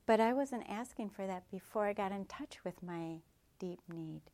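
A woman meditation teacher giving a dharma talk in a gentle, reflective way with soft asides. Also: mid-range voice, moderate pace.

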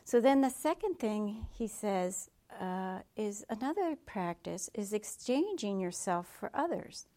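A woman meditation teacher giving a dharma talk in a gentle, reflective way with soft asides. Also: mid-range voice, lively intonation, measured pace, hardly any pauses.

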